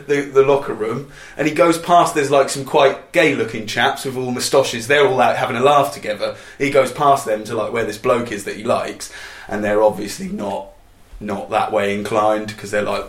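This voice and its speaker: A man, co-hosting a casual music chat and retelling scenes with animated energy. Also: mid-range voice, moderate pace, few pauses, echoey room. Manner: animated storyteller who acts out scenes. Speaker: podcast co-host reviewing songs.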